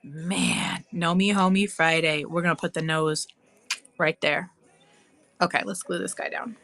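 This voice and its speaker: A woman's voice: fairly low pitch, fairly even intonation, a little slow, a bit bright, no echo, faint music behind. A woman chatting casually on a live craft stream, cooing and squealing with delight as she works. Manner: bubbly, coos and squeals over her craft.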